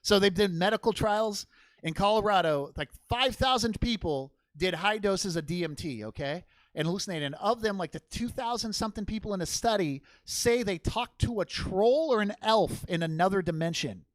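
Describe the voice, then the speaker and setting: Young comic guy, high voice, loud rambly profane storytelling, laughs at his own jokes. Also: normal speed, dry recording. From Portland, Oregon. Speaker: stand-up comedian. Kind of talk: stand-up crowd work and storytelling. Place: comedy theater stage.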